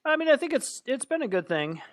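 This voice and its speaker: Guy co-hosting a podcast, rambly and self-deprecating, pitch swings around a lot, dry close sound. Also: big pitch swings, brisk, no echo. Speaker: podcast co-host. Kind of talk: casual chat.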